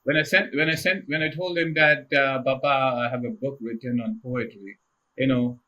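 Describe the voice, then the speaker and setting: A middle-aged man from India, a podcast guest telling casual stories in an animated way and laughing often. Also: medium pitch, normal speed, lo-fi sound. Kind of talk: casual storytelling interview.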